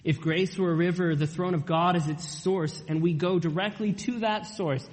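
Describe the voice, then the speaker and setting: A young man preaching a sermon, earnest and emphatic, drawing out key lines slowly. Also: sits high, steady tone, big-room sound, low-quality recording. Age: young adult.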